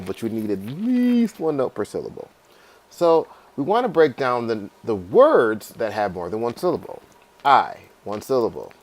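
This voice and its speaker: Low-voiced male music teacher. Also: darkish tone. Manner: casual, repeats "right?" and fillers, sings melody snippets. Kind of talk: screen-recorded software tutorial.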